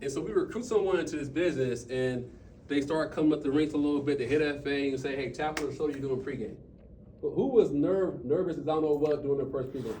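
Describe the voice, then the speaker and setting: A man telling stories and coaching his team in an impromptu motivational talk, animated, with quick bursts and trailing asides. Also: a little high, recorded from a distance, slight background noise. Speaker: speaker at a team meeting.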